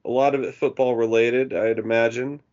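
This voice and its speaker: A man's voice: mid-range voice, steady tone, normal speed, a little mellow, lo-fi sound. A man hosting his own podcast in casual chat, playful and joking. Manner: playful, breaks into silly voices. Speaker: podcast host.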